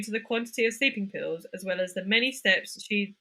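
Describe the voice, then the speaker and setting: A woman's voice: mid-range voice, fairly quick, bright, forceful tone. A young woman co-hosting a casual true-crime podcast, reading from her notes and laughing often. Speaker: podcast co-host.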